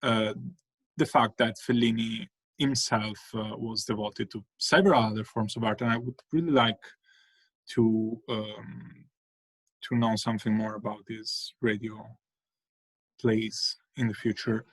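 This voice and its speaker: A man's voice: fairly low pitch, steady tone, measured pace, breathy edge. Hesitant man moderating an online panel. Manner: hesitant, filler-heavy.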